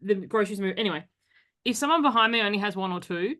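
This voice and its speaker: A woman hosting a podcast in a loose, chatty way. She jumps between quick asides and often laughs as she talks, and her voice sits at an ordinary middle pitch. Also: expressive, a bit bright. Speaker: podcast host. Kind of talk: casual conversational interview.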